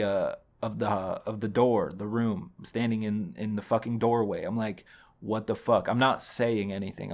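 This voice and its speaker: A young man recording himself at home, telling a heated, profane story in a rambling way. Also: on the low side. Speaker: vlogger. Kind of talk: casual storytelling monologue. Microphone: home recording setup, watching audio levels.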